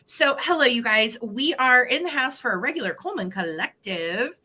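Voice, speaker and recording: Woman, live-stream host, bubbly, giggly, crisp bright voice, casual chat. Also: a little high, lively intonation, moderate pace, slight background noise. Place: at home.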